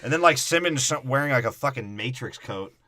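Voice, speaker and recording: A man with a bright, forceful voice riffs crudely on a film as podcast co-host. His talk is loose and full of swearing. The sound is close and dry. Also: mid-range voice, lively intonation, fairly quick, dry recording. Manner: crude, profane, joking. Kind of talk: casual comedic movie breakdown.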